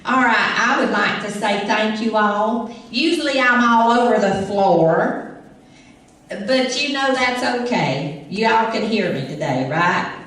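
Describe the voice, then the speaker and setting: A woman's voice: a little high, lively intonation, slow, a bit bright. A middle-aged woman with an East Tennessee country accent, telling folksy comic stories to a live crowd and laughing at her own jokes. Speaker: comic impersonator. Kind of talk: live stand-up storytelling to a crowd. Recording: echoey room recording from far off.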